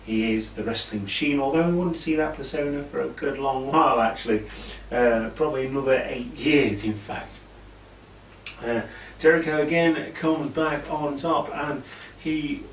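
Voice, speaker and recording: British guy rambling through a wrestling recap, roomy echo, sits back from the mic, faint hiss. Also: mid-range voice. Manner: chatty, rambling with asides and fillers. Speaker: wrestling show reviewer. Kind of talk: casual recap of an old wrestling event. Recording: echoey room, mic at a distance, faint hiss.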